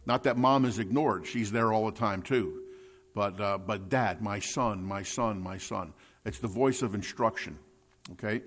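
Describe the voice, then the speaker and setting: A pastor with a lowish voice teaches a sermon from scripture. He repeats words for effect and shifts between soft asides and louder points.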